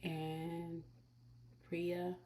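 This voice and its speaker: A woman's voice: fairly low pitch, monotone, extremely slow, dark tone. A woman giving a live-streamed tarot reading, chatty and informal, talking straight to her viewers. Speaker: tarot reader. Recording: roomy echo with faint hiss.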